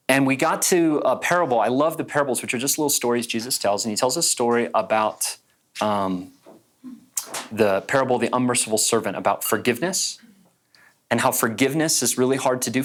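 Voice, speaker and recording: A man's voice: medium pitch, fairly quick. A male pastor telling a story in a sermon to a church gathering, conversational and full of "like" fillers.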